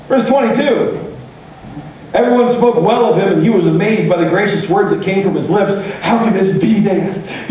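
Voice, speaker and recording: Animated high-voiced male preacher, distant. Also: normal speed, heavy reverb. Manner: animated, acts out quoted voices. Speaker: pastor. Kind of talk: sermon. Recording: distant, muffled room mic with faint noise.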